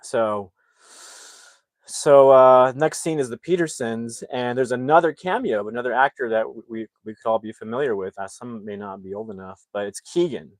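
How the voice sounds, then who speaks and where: A man in a casual, rambling recap of a film plot, slipping into quick impressions of the characters as he goes. His voice sits fairly low and comes across dry and close, with no room around it. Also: no echo. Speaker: movie reviewer.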